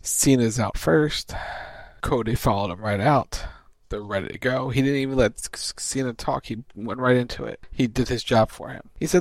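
A man co-hosting an internet radio show, briskly recapping events with small restarts. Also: medium pitch, creaky, no echo. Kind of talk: wrestling show recap chat.

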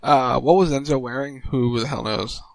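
A man co-hosting a casual podcast, recapping wrestling moves in quick play-by-play style. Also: steady tone, creaky, no room sound, low-quality recording. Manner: rapid recap, mimics crowd chants in a higher voice.

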